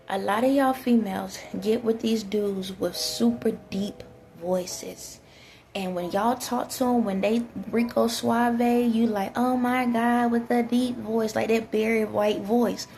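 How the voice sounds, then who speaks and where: Gravelly-voiced woman giving blunt advice. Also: mid-range voice, darkish tone, slight background noise. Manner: blunt, direct, talks straight to viewers. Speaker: vlogger giving relationship advice. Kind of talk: casual spoken advice to viewers.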